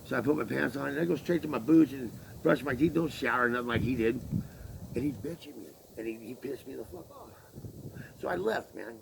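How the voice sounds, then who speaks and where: A man's voice: medium pitch, fairly quick, creaky, noisy background. A man venting a long story in casual, profane, rambling talk, acting out what was said back and forth. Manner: profane, rambling, acts out quoted exchanges. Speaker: laborer telling his story.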